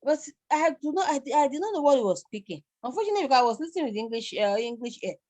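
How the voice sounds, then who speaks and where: A woman's voice: high voice, big pitch swings, rapid-fire, a little mellow. A middle-aged woman with a Nigerian accent, giving a live online university lecture in a rambling way, repeating words and chuckling.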